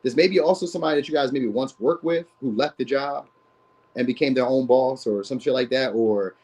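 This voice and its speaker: A man runs through a tarot reading at a brisk clip, his voice sitting at an ordinary middle pitch. He rambles in loose, slangy talk and keeps checking in with "you know what I mean?". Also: darkish tone, low-quality recording. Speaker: tarot reader. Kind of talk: casual tarot reading chat.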